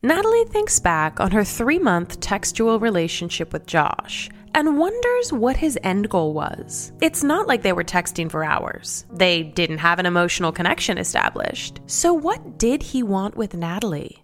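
A woman's voice: mid-range voice, wildly swooping pitch, measured pace, few pauses, soft background music. A woman reading scripted podcast narration in a dramatic, suspenseful storytelling manner.

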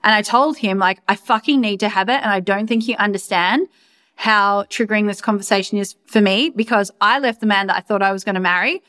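Woman host, young adult, casual storytelling, swears a lot, animated, mid pitch; keeps cracking herself up. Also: a little fast. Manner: animated, profane, laughing at own story. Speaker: podcast host and coach.

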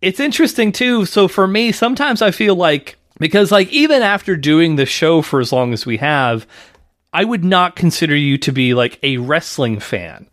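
A man hosting a casual podcast, chatty and relaxed, reading notes and bantering with his co-host. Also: fairly high pitch, moderate pace, no room sound, clean studio sound.

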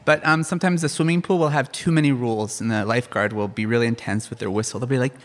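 A man doing a kids' stand-up comedy set in a rambling, halting, self-deprecating way. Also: mid-range voice, fairly even intonation.

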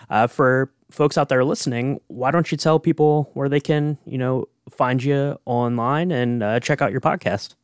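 A man hosting a podcast in a relaxed, easygoing way, with many fillers. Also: medium pitch, no echo, clean studio sound. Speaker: podcast host. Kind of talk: casual podcast chat.

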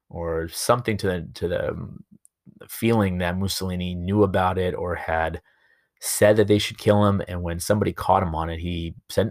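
A man teaching history over slides in a relaxed, storytelling way, with many fillers and asides. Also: low-pitched, moderate pace, dry recording, clean studio sound. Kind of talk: recorded lecture over slides.

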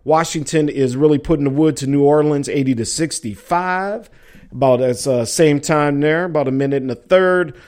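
Middle-aged guy running a sports talk show, kinda high voice, joking around with listeners. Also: moderate pace, a little mellow. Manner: loose, rambling, joking with listeners. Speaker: sports podcast host.

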